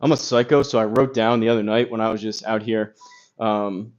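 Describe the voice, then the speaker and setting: On a golf live stream recorded by phone, a man with a lowish voice and little pitch movement chats a bit fast, rambling with lots of fillers and reading chat comments aloud. The phone audio is slightly dull with crackle.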